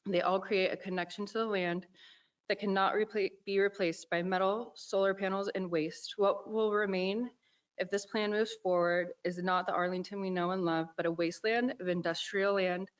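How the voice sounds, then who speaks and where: Earnest young woman reading a comment. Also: mid-range voice. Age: young adult. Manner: earnest, heartfelt. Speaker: public commenter. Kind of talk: reading a prepared public comment. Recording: dull lo-fi meeting audio.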